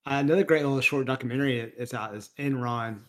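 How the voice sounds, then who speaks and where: Podcast guy rambling about movies, laughs a lot, says like and you know constantly, mid-pitched voice. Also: fast. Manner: animated, laughing, lots of fillers. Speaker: podcast co-host. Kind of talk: casual chat.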